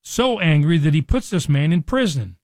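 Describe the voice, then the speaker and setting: A man with a slightly high voice teaches scripture on a radio program. He speaks earnestly and conversationally. The sound is dry and close, with no room echo. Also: sing-song, moderate pace, a little mellow. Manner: earnest, acts out quoted speech with rising emphasis.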